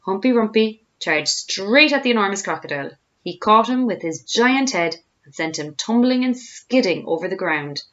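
Woman reading a storybook aloud, lively. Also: mid-range voice, normal speed, few pauses, dull audio, slight background noise. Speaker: teacher reading to pupils.

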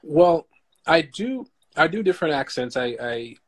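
Husky-voiced male actor guest. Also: a little high, measured pace. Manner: relaxed storytelling, says "you know" a lot. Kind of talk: casual interview chat.

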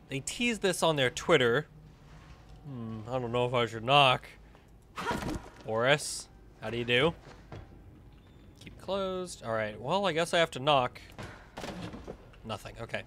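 A young man giving excitable let's-play commentary, laughing often and talking to the game characters. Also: medium pitch, measured pace, long pauses. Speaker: gaming YouTuber.

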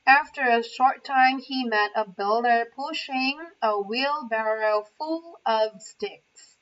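Woman reading a kids story real slow, muffled audio, kinda far from the mic. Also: on the high side, a bit bright. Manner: slow, careful storytelling with asides. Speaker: English teacher trainee. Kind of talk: reading a children's story aloud.

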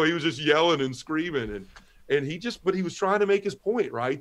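A man's voice: fairly high pitch, lively intonation, fairly quick, fairly bright tone. A man guest on a talk show, telling his personal conversion story and acting out the dialogue as he goes. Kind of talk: personal testimony.

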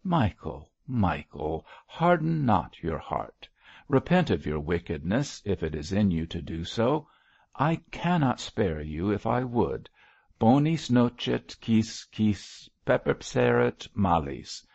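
A man's voice: on the low side, very animated, slow pace, vocal fry, a little mellow, no room sound, heavily acted. A man reading the part of an elderly bishop who reproaches his curate in a solemn, sorrowful tone. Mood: stern. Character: elderly male bishop, mild but stern. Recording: dull lo-fi dry recording.

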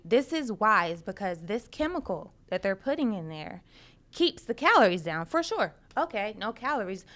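A woman's voice: mid-range voice, a bit bright. A woman, a personal trainer, talking in a casual talk show chat in an emphatic, passionate way. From United States. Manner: emphatic and passionate, laughs often.

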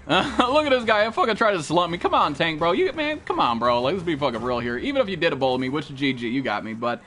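Young male game streamer, loud-mouthed and profane, slightly higher voice, faint hiss behind. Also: big pitch swings, a little fast. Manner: brash, profane trash talk to chat. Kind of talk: live gameplay commentary.

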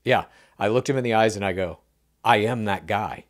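A man co-hosting a casual podcast, telling an anecdote with animated delivery and acting out the dialogue he quotes. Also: lowish voice, normal speed. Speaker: podcast co-host. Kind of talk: casual podcast chat, storytelling.

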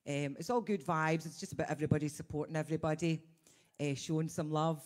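A woman's voice: sits low, fairly even intonation, fast talker, darkish tone. A Scottish woman hosting a chatty live stream as a singing teacher, bubbly and laughing often, with a slight frog in her throat.

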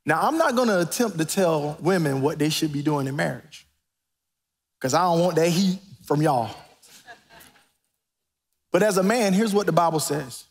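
A man preaching a sermon as pastor in a church, animated and preacherly, rising to near-shouts. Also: on the high side, moderate pace, long pauses. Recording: reverberant church sanctuary.

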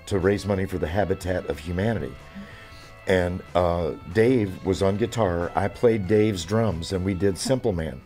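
A man's voice: low-pitched, darkish tone. A man in his seventies talking in an interview, rambling with many fillers and restarts. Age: 70s. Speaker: drummer.

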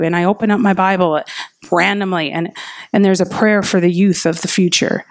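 In a brisk, mid-range voice, a woman preaches a sermon earnestly and personally. She tells stories of her own faith, retelling her inner dialogue in a lively way.

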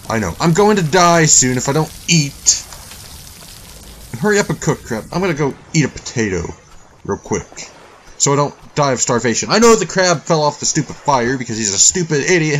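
A man's voice: medium pitch, slight background noise. A man doing let's-play commentary on a survival game, rambling and easily frustrated, talking to things in the game. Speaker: gaming YouTuber.

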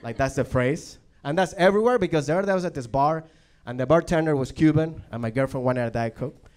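A young man from Venezuela, a native Spanish speaker with a Venezuelan Spanish accent, doing an animated stand-up comedy set, swearing and acting out voices. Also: a little high, fast talker, clear, resonant tone. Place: comedy club stage. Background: audience laughter.

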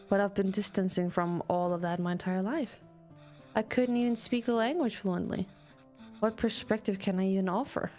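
A woman's voice: mid-range voice, a little mellow, close to an everyday voice. A woman reading aloud a guilt-ridden adult son in a game, in a hesitant, apologetic way.

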